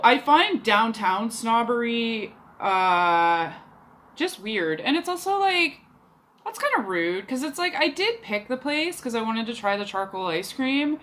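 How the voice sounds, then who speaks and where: Chatty young woman, bright voice. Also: fairly high pitch, big pitch swings, measured pace. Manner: chatty, exasperated, many fillers. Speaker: podcast host. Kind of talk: casual storytelling monologue.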